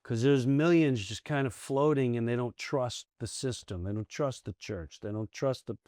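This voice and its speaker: A middle-aged man, a comedian guest, telling candid stories in an interview, animated and acting out the voices of people he quotes. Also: medium pitch, moderate pace, dry recording, clean studio sound. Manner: animated, acts out quoted voices, restarts often.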